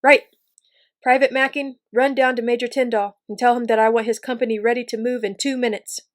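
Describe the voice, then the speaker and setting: A commanding male officer in a storybook reading, loud and clipped as he snaps out orders, as a woman puts him on. The voice sits fairly high and keeps to a narrow, even line. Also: moderate pace, close to an everyday voice. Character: middle-aged male army officer, brisk and commanding.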